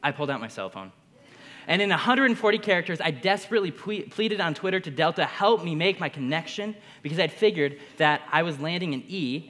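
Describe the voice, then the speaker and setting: A young man telling a keynote story to a crowd, his voice surging with excitement. The sound rings with long reverb from a large hall. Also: on the high side. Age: young adult. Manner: energetic, builds to bursts of excitement. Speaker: conference speaker.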